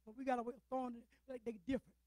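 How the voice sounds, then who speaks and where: Older man preaching, high and dry, rhetorical call-outs, loud then hushed. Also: flat delivery, rapid-fire, dry recording, rough recording. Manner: swings between loud declarations and low, quiet asides. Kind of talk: sermon.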